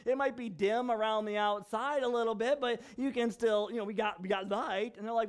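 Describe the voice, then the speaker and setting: A man's voice: sits high, steady tone, a little fast, hardly any pauses. A man preaching a casual, conversational sermon as pastor, telling stories and acting out dialogue with frequent laughs.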